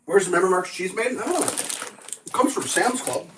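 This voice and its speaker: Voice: mid-range voice, animated, fairly quick. A vlog host ranting casually over breakfast, rambling and sarcastic, swearing freely and laughing often. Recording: distant mic with faint noise.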